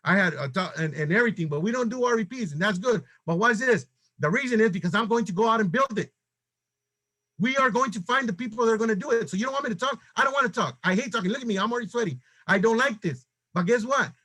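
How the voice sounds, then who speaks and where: High-voiced man giving an urgent pep talk. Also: lively intonation, bright, forceful tone. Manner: urgent, exhorting, rapid-fire rhetorical questions. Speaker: sales team leader. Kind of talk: motivational pep talk to a team.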